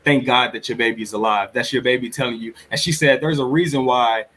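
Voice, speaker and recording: A man's voice: medium pitch, fairly even intonation, brisk, pushed and bright, rough recording. A man co-hosting a podcast, telling a story in a rambling, earnest way full of restarts. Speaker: podcast co-host. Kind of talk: casual storytelling chat.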